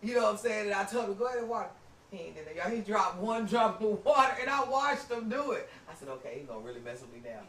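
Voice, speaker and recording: A man telling a story on a podcast, animated, laughing and acting out the quotes. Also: high voice, fast talker. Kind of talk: casual storytelling. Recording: roomy, distant mic, faint noise.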